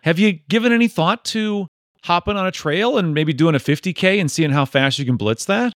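A man's voice: high voice, a little fast, no room sound, studio quality. A man hosting a podcast interview, joking and teasing his guest in a casual chat. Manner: jokey, animated, teasing, puts on funny voices. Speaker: podcast host.

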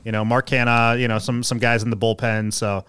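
Smooth-voiced man hosting a podcast. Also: mid-range voice, fairly quick. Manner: relaxed, joking, reads listener messages aloud. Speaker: podcast host reading listener questions. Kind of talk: casual podcast chat.

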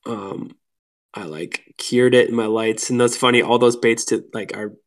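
A man from Minnesota, a podcast guest who tells fishing stories in a casual, animated way, laughing often and filling his speech with "like". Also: mid-range voice, moderate pace. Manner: animated, laughing, lots of "like" fillers. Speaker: podcast guest, lure builder. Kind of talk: casual storytelling chat.

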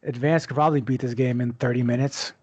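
A man's voice: mid-range voice, fairly even intonation, quick pace, a little mellow, breathy edge, no echo. A man co-hosting a casual game review chat, plainly explaining how a game works. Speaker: podcast co-host. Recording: slightly dull, lo-fi mic.

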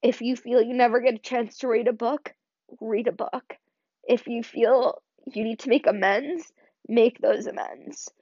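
A woman's voice: fairly high pitch, steady tone, unhurried, mellow, no echo. A young adult woman hosting a podcast, choked up and near tears, talking earnestly and rambling with lots of fillers. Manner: earnest, rambling, many "like" and "you know" fillers. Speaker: podcast host. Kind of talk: heartfelt solo podcast monologue. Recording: dry, slightly dull lo-fi sound.

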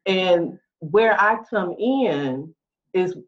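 A woman's voice: lowish voice, animated, extremely slow. A middle-aged woman speaks as a podcast guest. She laughs easily and fills her talk with ums and restarts. The audio is muffled and lo-fi. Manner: warm, laughs often, many fillers. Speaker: guest, writing consultant. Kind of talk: podcast interview. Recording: dull lo-fi audio.

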